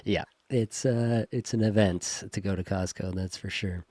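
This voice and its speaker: A man hosting a fantasy hockey podcast, relaxed and easygoing, with a lowish voice. He is recorded dry and close, with no room sound. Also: moderate pace, no room sound. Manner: easygoing, chuckling storyteller. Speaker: host. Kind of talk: casual podcast chat.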